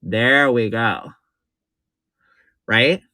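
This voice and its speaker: A man giving a live makeup tutorial in a sassy, excitable way, swooping between chirpy highs and low purring asides and repeating his instructions. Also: drawn-out words, no echo. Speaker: drag performer doing a makeup tutorial.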